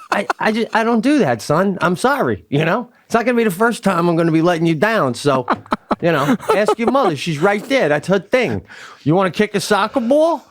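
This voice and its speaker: Middle-aged male co-host, high and swooping pitch, teasing comic riffs. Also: sing-song, fairly quick. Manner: teasing, riffing, swearing. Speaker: podcast co-host. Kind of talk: casual comedic chat.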